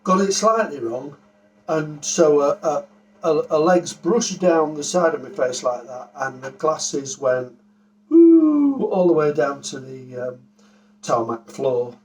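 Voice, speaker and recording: Older granddad rambling through a story, set back from the mic. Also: male voice, measured pace, recorded from a distance, poor audio. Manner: rambling storyteller, hesitant fillers, breaks into high-pitched impressions. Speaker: grandfather telling stories. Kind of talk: casual anecdote telling.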